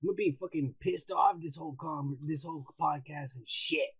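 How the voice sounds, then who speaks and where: A man co-hosting a podcast, loud and profane, who teases and shouts through drunken banter. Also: fairly high pitch, brisk, husky. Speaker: podcast co-host.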